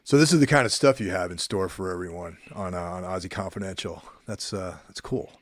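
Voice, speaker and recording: A man's voice: deep voice, fairly quick, no room sound. A man hosting a podcast, asking casual, easygoing questions. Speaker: podcast host. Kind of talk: casual interview.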